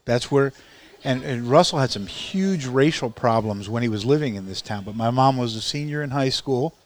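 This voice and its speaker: A man's voice: medium pitch, expressive, moderate pace. A man co-hosting, trading dry quips in casual chat.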